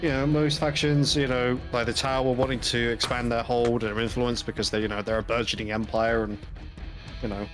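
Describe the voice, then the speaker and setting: A man's voice: medium pitch, little pitch movement, a little fast, faint music behind. A man co-hosting a painting stream in casual chat, wry and rambling, with plenty of swearing. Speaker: stream co-host, hobby painter.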